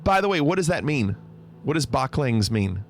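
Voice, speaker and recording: A man's voice: medium pitch, sing-song, normal speed. A man casually chatting on a livestream, reading out viewer comments, teasing and laughing often. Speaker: streamer.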